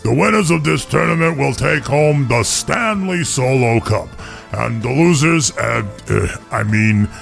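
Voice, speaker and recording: Man putting on a punch-drunk old boxing champ, gravelly, swooping, bumbling, soft music behind. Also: mid-range voice, voice pushed down, exaggerated voice. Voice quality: gravelly, stumbles over words.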